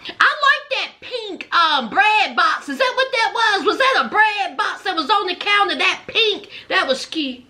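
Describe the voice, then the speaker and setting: A woman's voice: very high-pitched, sing-song, measured pace, bright, forceful tone. A woman giving a chatty, gossipy recap of a reality show, laughing often and calling listeners honey. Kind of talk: casual commentary.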